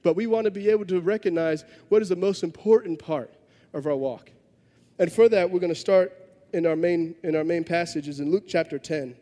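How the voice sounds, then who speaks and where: High-voiced man preaching in a reverberant hall. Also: fairly quick, warm tone. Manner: conversational, self-deprecating humor. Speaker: pastor. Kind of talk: sermon with storytelling.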